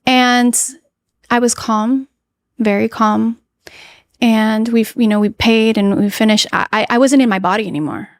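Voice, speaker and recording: A woman's voice: fairly high pitch, steady tone, no echo, clean studio sound. Earnest woman telling a personal story. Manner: earnest, emotional, halting with restarts. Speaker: podcast guest. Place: podcast studio. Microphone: podcast microphone.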